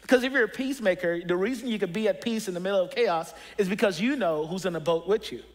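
A man's voice: high-pitched, fast talker. A pastor preaching a conversational sermon, earnest and personal, often restarting his sentences as he tells stories.

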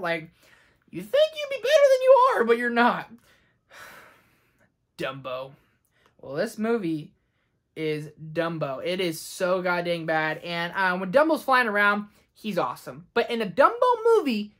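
Young male movie vlogger in his twenties, excitable, opinionated, ranting freely, casual delivery. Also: high voice. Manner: enthusiastic and ranting, slips into quoted voices. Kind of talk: casual movie ranking vlog.

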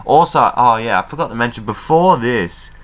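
A man casually recapping a wrestling show as an excitable fan, chatty and loose, with plenty of fillers and some swearing. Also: medium pitch, moderate pace.

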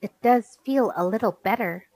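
A woman's voice: fairly high pitch, moderate pace, darkish tone, dry recording. A woman voicing an earnest older brother in a storybook reading. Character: boy, older brother telling stories.

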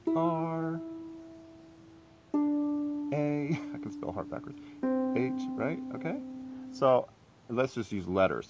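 A man giving a casual, self-deprecating harp lesson, chatty and quick to laugh at himself. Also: on the low side, lo-fi sound. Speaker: harp teacher.

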